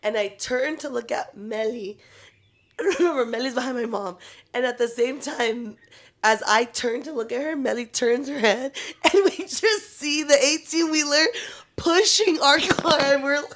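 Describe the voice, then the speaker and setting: A young woman co-hosting a podcast, telling a story in a lively way, swearing freely and laughing often. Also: sits high, unhurried. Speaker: podcast co-host. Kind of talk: casual chat.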